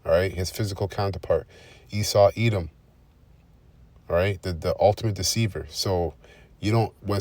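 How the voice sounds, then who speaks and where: A man with a deep voice preaches and teaches scripture in an emphatic, repetitive way. His close recording is dry, with no room sound at all. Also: fairly even intonation, moderate pace, pauses often, a little mellow, no room sound. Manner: emphatic, repeats points with "all right?". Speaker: religious teacher.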